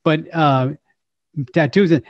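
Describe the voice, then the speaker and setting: An older man, a voice actor, telling stories in an interview in a lively way and slipping into character voices. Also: on the high side, slow, no echo. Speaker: voice actor and impressionist guest. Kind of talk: animated storytelling interview. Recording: dull lo-fi sound, dry.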